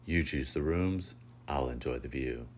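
A man's voice: very deep voice, measured pace, a little hiss or hum. A man reading a story aloud, voicing a bossy young man who gives orders in a commanding, playful way.

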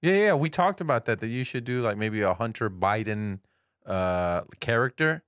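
A man with a fairly low voice, recorded dry and close. He tosses crude jokes and rambling anecdotes into a casual livestream chat. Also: expressive, moderate pace, a bit bright, clean tone, no echo. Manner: crude, joking storyteller. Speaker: podcast producer.

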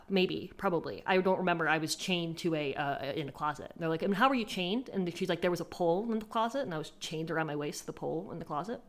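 A woman with a somewhat low voice co-hosts a casual true-crime podcast. She tells the story with gusto. She slips into the voices of the people in the case, and she swears freely. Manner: animated storytelling, acting out quotes, profane. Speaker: podcast co-host.

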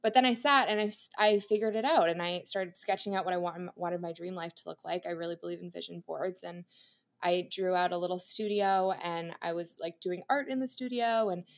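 A woman's voice: fairly low pitch, brisk. A young adult woman, an interior designer guesting on a podcast, telling her career story in a candid, chatty way, laughing often.

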